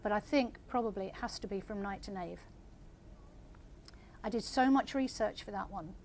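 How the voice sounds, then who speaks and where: Older female author, gentle measured reader at a live event. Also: mid-range voice, a little hiss or hum. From England. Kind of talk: reading aloud then audience Q&A.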